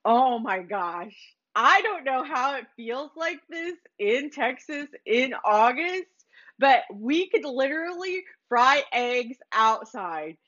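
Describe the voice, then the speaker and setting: A woman's voice: sits high, very animated, slow pace, a bit bright, exaggerated voice. A woman voicing a cheerful, thankful man who gushes about everything. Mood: gushing. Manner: gushing, enthusiastic. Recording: slightly dull lo-fi recording.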